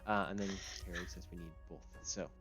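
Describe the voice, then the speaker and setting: A man acting as game master, narrating a tabletop game in a relaxed way, full of ums and uhs. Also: deep voice, brisk, soft background music. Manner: relaxed, with many fillers.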